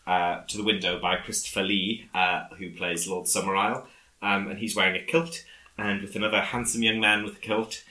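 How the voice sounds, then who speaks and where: A man casually recapping a film on a podcast, halting often with fillers as he retells scenes. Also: on the low side, level tone, sharp tone, roomy sound, low-quality recording. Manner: rambling, halting with many fillers. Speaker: podcast co-host.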